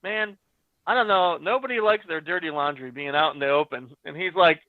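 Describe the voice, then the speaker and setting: A man with a high, bright voice recounts a story with excited energy and acts out each bit of dialogue. The audio is dry and tinny, like a phone line on a video call. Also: brisk, dry recording. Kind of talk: animated storytelling.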